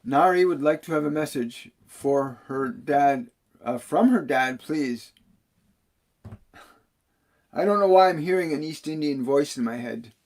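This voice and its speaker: A man's voice: fairly high pitch, unhurried, pauses often, a little mellow. A man working as a spiritual medium, reading viewer questions on a live stream and answering them earnestly, often repeating key phrases. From Canada.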